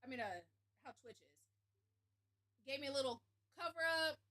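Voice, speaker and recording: A woman streamer tells a story to her live chat with animation and candor. Her voice sits high and rings bright. She laughs easily and swears without pause. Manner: animated, laughing, frank and profane.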